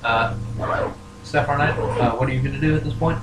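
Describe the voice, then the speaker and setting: A man narrating as game master for a tabletop role-playing game, halting and full of fillers. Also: mid-range voice, steady tone, loud music behind the voice. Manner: halting, many fillers and restarts. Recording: noisy, echoey home recording.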